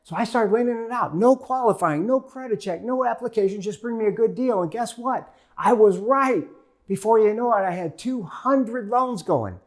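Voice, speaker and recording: A man's voice: sits high, lively intonation, normal speed. A middle-aged man giving a motivational keynote to a live audience, telling a story and acting out the conversations in it. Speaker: keynote speaker. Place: stage before a live audience.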